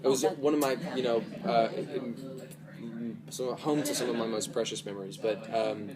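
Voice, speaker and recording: A man's voice: medium pitch, fairly even intonation, normal speed. A man, an actor being interviewed, chatting casually and animatedly, laughing often and restarting his sentences. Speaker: actor guest. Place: busy fan convention floor. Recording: loud convention crowd behind.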